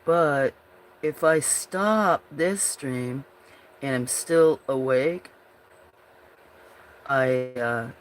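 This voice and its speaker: A woman's voice: a bass voice, drawn-out words, long pauses. A woman hosting a casual livestream, chatting with viewers in a rambling way and often breaking into giggles. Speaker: livestream host.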